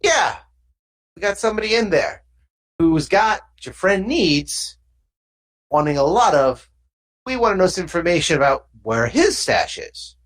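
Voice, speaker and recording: Game master doing a pushy alien mobster thug, street slang, raised pitch, very lively swings. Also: a little slow, long pauses. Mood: threatening.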